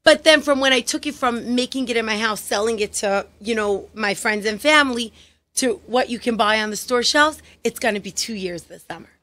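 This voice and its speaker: A woman's voice: fairly high pitch, fairly quick, sharp tone, no echo. A woman with a thick New York accent, a guest explaining her product in a casual chat. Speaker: guest, liqueur maker.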